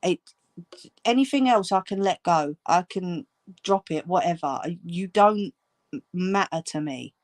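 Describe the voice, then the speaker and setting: Slow, furious woman ranting. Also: on the low side, animated, dry recording, clean studio sound. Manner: furious, swearing, scolding. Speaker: channel host. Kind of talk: angry direct-to-camera rant.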